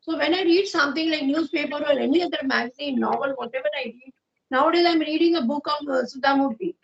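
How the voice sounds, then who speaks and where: A high-voiced woman with an Indian accent talks in a friendly, agreeable way and often says "you know". Her voice comes through dull and lo-fi. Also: fast talker, gravelly. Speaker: guest speaker. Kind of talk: casual conversation practice. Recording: muffled lo-fi audio.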